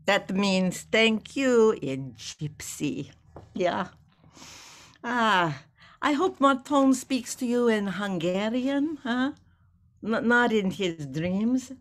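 A woman's voice: fairly high pitch, animated, slow. An actress playing an aging wife who visits her sick husband in hospital, chattering nervously and laughing often. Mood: chatty. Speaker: actor in a play reading. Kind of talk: staged play reading.

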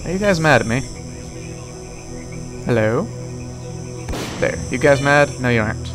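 A man's voice: medium pitch, lively intonation, unhurried, over music. A young man casually commenting while he plays a video game, rambling and joking, talking back to the characters on screen. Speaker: let's play host.

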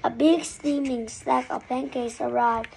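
A woman's voice: high voice, steady tone, a little slow, gravelly, darkish tone, a little hiss or hum, rough recording. A woman reading a children's story aloud, narrating expressively.

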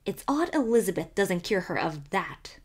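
A woman voicing a sharp-tongued spinster neighbor who relishes scandal and speaks emphatically. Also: mid-range voice, big pitch swings, normal speed, slightly rough. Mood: scandalized.

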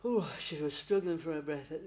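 A man's voice: on the high side, a little fast, warm tone. A man working as a medium at a spiritualist church service, chatty and affectionate, laughing often and calling listeners darling. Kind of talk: spiritualist church platform reading.

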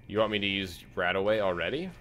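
Young male streamer, low-voiced, easygoing live chat over gameplay, faint hiss behind. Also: quick pace. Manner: relaxed, reads chat aloud, frequent fillers.

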